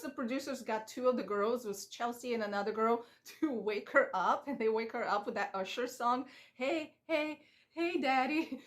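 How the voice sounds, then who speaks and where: A woman giving a chatty, opinionated recap of a reality show, acting out the people she talks about. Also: a little high. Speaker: reaction vlogger. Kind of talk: casual recap commentary.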